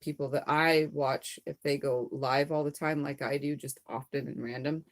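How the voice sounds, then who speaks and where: A hoarse woman chatting casually on a livestream from her sewing room, rambling and greeting viewers as she reads out their comments. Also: sits low, steady tone, normal speed, heavy background noise. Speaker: live streamer.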